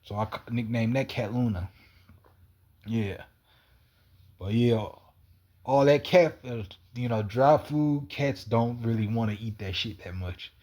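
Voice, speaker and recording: A man's voice: mid-range voice, a little slow, long pauses, a little mellow. A man in a rambling, wandering monologue, repeating himself and swearing casually. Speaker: cat feeder.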